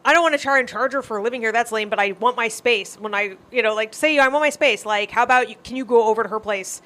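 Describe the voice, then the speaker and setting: A fairly high-voiced woman co-hosting a comedy podcast. She talks bluntly, swearing freely and scolding her partner in jest, close on a studio mic. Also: fast, a bit bright. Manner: blunt, profane, mock-scolding. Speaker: podcast co-host. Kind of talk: casual comedic podcast banter.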